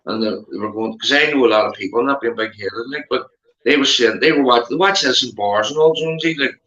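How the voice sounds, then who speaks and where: A man's voice: mid-range voice, fairly quick, sharp tone, roomy sound, lo-fi sound. A man with a Northern Irish accent in rambling casual chat, repeating himself and calling his friend mate. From Northern Ireland.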